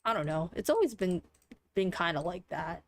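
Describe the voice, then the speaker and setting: A woman's voice: fairly low pitch, very animated, normal speed. A young adult woman streaming live, talking through a game in a rambling, offhand way and swearing casually. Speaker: livestreamer.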